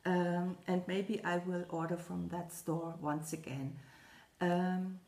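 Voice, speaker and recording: Slow, hesitant woman vlogger. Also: lowish voice, steady tone, a little mellow, reverberant. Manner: slow, hesitant, many fillers and restarts. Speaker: Flosstube vlogger. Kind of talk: casual chat to camera.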